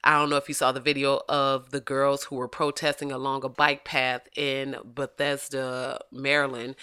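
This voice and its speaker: Blunt, animated woman ranting casually. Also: rumbling low, smooth. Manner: blunt, animated, swears freely. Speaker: commentary host. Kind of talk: casual opinion commentary.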